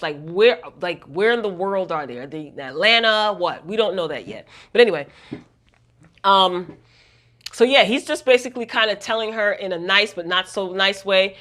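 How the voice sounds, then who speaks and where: A woman's voice: mid-range voice, bright, forceful tone. A woman vlogger recapping a TV episode in a casual, gossipy way, talking straight to her viewers.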